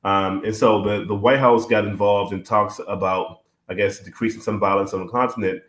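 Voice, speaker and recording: A man's voice: on the low side, fairly even intonation, normal speed, fairly bright tone, echoey room. A man talking things over in a casual discussion, thoughtful and full of fillers. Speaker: podcast guest.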